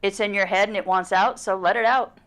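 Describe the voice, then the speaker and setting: A woman co-hosting a casual livestream as its producer, chatty and quick to laugh. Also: medium pitch, fairly even intonation, a bit bright. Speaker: producer and co-host.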